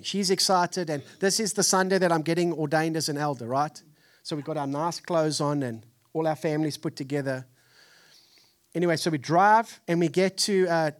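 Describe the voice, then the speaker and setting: A man in his forties with a Texan accent, preaching a sermon in an animated, storytelling way. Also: fairly high pitch. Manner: animated storytelling, acts out family voices. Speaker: pastor. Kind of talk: sermon with personal stories.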